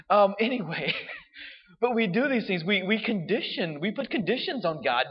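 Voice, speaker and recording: A man's voice: on the high side, big pitch swings, brisk, slightly rough, big-room sound, lo-fi sound. A man, a priest giving a casual homily, chatty and laughing as he tells stories. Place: church.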